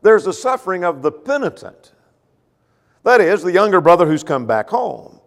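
A man delivering a sermon in a somewhat high voice that swings widely in pitch. He pushes loud on key phrases and drops low on asides, often asking the listeners questions. The sound rings with the long reverb of a large hall. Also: big pitch swings, normal speed, gravelly. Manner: rising and falling emphatic preaching, rhetorical questions. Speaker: preacher.

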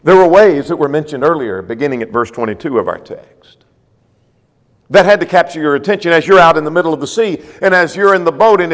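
A man's voice: fairly high pitch, in a large hall. A man preaching a sermon, walking listeners through the text verse by verse. His delivery swings from strong emphasis down to near-murmured phrases. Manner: expository, guiding listeners verse by verse.

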